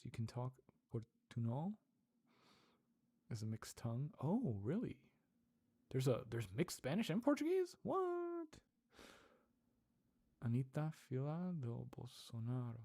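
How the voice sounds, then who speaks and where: This European livestream host and ASMR creator keeps things chatty, laughing a lot as he responds to chat and sounds out Portuguese. His voice sits at medium pitch, gravelly and mellow. The recording is clean studio sound with no room echo.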